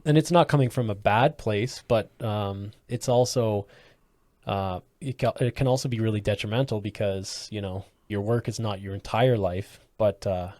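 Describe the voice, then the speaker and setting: A man with a fairly low voice reflects out loud as a podcast co-host, leaning on "like" and "you know" as he works toward his point. His voice is dry and close to the mic. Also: normal speed, dry recording. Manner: reflective, lots of fillers. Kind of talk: casual chat.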